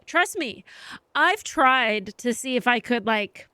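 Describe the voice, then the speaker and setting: A woman's voice: fairly high pitch, animated, takes it slowly, pushed and bright, clear, resonant tone, no room sound. A woman live-streaming, telling a rambling story in casual chat and swearing freely.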